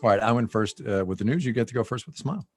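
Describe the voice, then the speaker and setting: A man co-hosting a podcast in casual chat. He agrees quickly and puts on mock-dramatic voices when he quotes people. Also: medium pitch, animated, over music. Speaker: podcast co-host.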